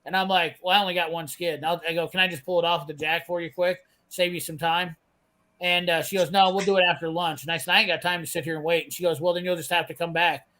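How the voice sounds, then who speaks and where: A man's voice: fairly high pitch, level tone, quick pace, bright, forceful tone, poor audio. A man, ranting profanely and bluntly as he tells a work story in casual chat. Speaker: host telling a work story.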